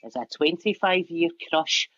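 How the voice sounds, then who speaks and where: A woman's voice: fairly low pitch, unhurried, a bit bright, no room sound, lo-fi sound. A woman comedian panellist chatting enthusiastically and repeating herself as she gushes. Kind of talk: comic chat.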